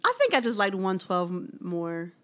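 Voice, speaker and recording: A woman co-hosting a casual music chat, telling stories with animated laughs. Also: mid-range voice, normal speed. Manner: animated storytelling with loud laughs. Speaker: podcast co-host.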